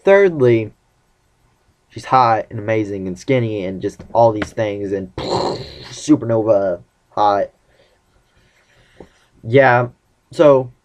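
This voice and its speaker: A teenage boy vlogs casually about his relationship, rambling and acting out the quoted dialogue from the conversations he recounts. His medium-pitched voice is expressive and darkish in tone, and he keeps a measured pace with long pauses.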